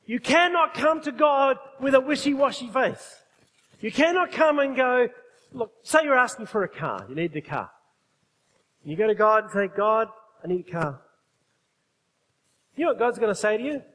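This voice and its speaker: High-voiced preacher in a hall. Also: male voice, big pitch swings, moderate pace, fairly bright tone. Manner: emphatic, asks the congregation questions. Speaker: pastor. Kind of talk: sermon.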